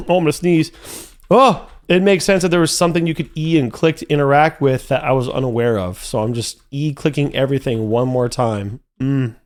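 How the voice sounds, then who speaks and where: A young man commentating his own gameplay live, talking to his chat and growing frustrated, with sudden high yelps. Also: fairly even intonation, fairly quick, a little mellow. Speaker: streamer playing a horror game.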